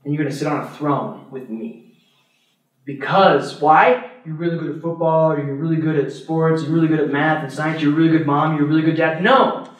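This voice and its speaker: High-voiced priest preaching in an echoey hall. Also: male voice, a little fast. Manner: animated, laughs while telling stories. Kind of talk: adult formation talk. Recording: echoey room, mic far off.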